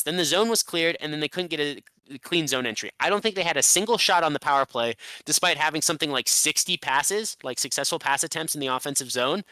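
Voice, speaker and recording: A man co-hosting a casual sports podcast, recapping a game in animated rants with some swearing. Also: on the high side, no room sound. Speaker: podcast co-host.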